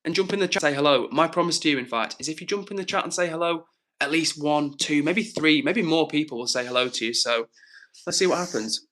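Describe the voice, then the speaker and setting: A chatty man hosts a live stream, his voice bright and forward. He sits a little above the usual pitch for a man and keeps things upbeat while answering his viewers. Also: brisk. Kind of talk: casual live-stream chat.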